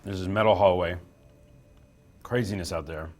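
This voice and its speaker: Chatty low-voiced man hosting a live stream. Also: fairly even intonation, normal speed, a little mellow. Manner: chatty, self-deprecating, reads chat aloud. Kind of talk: casual live stream chat. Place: small office room.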